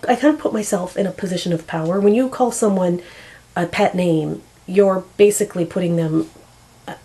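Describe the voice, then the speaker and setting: A woman's voice: medium pitch, dark tone, low-quality recording. A woman in her forties chatting casually to the camera, rambling and often searching for words. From Canada. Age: 40s. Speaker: vlogger.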